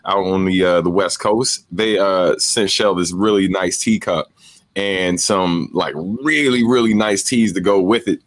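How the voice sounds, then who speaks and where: A man's voice: deep voice, measured pace, dry recording. A man co-hosting a podcast, telling stories in a laid-back, slangy way with frequent laughter. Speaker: podcast co-host. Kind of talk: casual chat.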